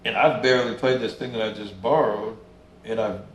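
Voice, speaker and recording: A musician appearing as an interview guest tells stories in a fairly low, steady voice at a slightly quick pace. Laid back and swearing freely, he acts out what people said, with roomy sound, faint ambience, and slight background noise.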